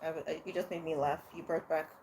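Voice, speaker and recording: A woman's voice: low voice, flat delivery, fast talker, a little mellow, slight background noise. Woman, livestream host, casual chat with viewers, laughs a lot, loose and chatty with lots of fillers. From Nigeria. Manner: chatty, laughs often, frequent fillers and restarts. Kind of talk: casual live chat answering viewer comments.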